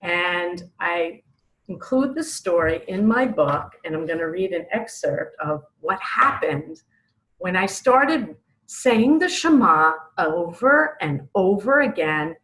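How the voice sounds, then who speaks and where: A woman's voice: lowish voice, expressive, slow pace, a bit bright, slight background noise, rough recording. A middle-aged woman from New York, earnestly telling a personal faith story as an author and acting out her own pleas. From Brooklyn, New York. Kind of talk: personal testimony.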